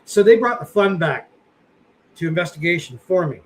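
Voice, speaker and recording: Rambling high-voiced man chatting on a podcast. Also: animated, moderate pace, poor audio. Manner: rambling, self-deprecating, many fillers. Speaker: podcast co-host. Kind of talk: casual chat.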